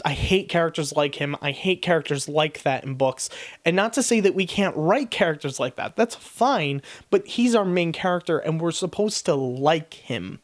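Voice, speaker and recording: A person in their twenties giving a casual spoken book review, blunt and frank, swearing freely and rambling with restarts. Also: mid-range voice. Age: 20s.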